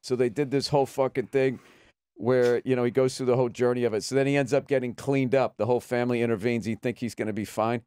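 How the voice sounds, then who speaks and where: A man with a Boston accent telling an animated, profane story on a talk show, laughing and acting out quotes. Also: mid-range voice, fast, clean tone, dry recording. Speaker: guest comedian.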